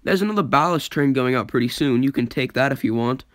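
A man voicing a calm, matter-of-fact engine giving simple instructions. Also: mid-range voice, quick pace, dry recording, clean studio sound, lightly acted.

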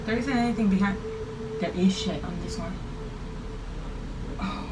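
A woman's voice: mid-range voice, unhurried. A young woman giving nervous, casual reaction commentary to her viewers while playing, swearing as she gets spooked. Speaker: gaming vlogger. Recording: distant from the mic, with clear background noise.

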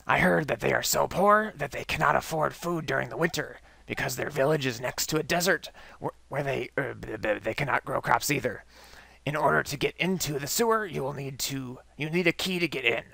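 A man voicing a ruthless male mad scientist in a game story, with a raspy, put-on voice and grand, formal speech. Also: mid-range voice, fairly quick, sharp tone, no echo, exaggerated voice. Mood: scheming. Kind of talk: reading a game's story aloud in a put-on voice.

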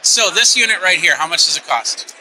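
A man's voice: sits high, animated, fairly quick, a crowd in the background, background noise. A man hosting a tech show, interviewing an exhibitor on a trade show floor in a jokey, playful way. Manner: jokey, playful with running gags.

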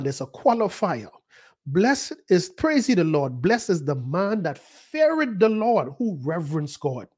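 A man's voice: fairly high pitch, slightly rough. Middle-aged male pastor, preaching sermon, impassioned with swings in volume. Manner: impassioned, swings between loud and hushed. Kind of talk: sermon with prayer.

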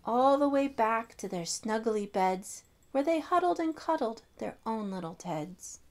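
A woman reading a children's picture book aloud as storyteller, slow and expressive. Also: a little high. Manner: slow, expressive, sing-song.

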